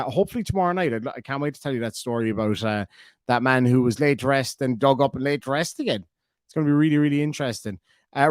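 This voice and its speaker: An Irish man chats loosely on his livestream, reading out viewer comments and wandering between stories with plenty of ums and uhs. His voice sits at an ordinary middle pitch. The sound is close and dry, with no room around it. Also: dry recording. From Ireland. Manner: rambling, chatty, many fillers. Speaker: livestream host. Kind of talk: casual live chat reading comments.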